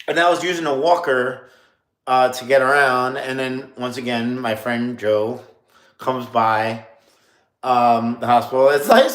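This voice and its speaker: A man in his late thirties from New York, telling a story on a casual livestream, rambling with lots of fillers and laughing at himself. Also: mid-range voice. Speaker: streamer. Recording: roomy echo.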